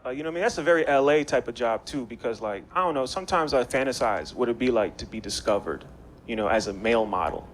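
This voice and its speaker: A fast-talking young comedian from Maryland, USA, with an animated mid-range voice, performs in a small bar. He's loose and slangy, bantering with the audience, and the live set comes with noticeable background noise.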